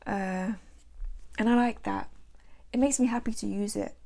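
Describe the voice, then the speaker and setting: A woman's voice: a little high, steady tone, a little slow, vocal fry, pauses often, darkish tone. A British woman hosting a tarot channel, chatting casually about her decks in a rambling way, with self-mocking asides. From England.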